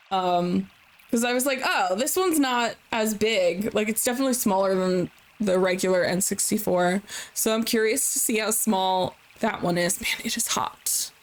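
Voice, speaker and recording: A woman's voice: medium pitch, fairly quick. A young woman chatting casually and giggling as she streams a game from home. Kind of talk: casual chat while playing a game.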